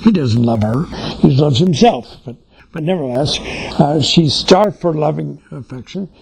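Gravelly older man preaching folksily. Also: fairly high pitch, lively intonation, normal speed, darkish tone, poor audio. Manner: folksy, anecdotal. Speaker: Christian speaker on family life. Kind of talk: informal sermon talk.

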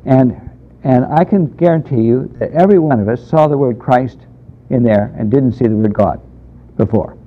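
A man's voice: medium pitch, normal speed. A man teaching a Bible class in a conversational, emphatic way, taking questions from the room. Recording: dull lo-fi lecture recording.

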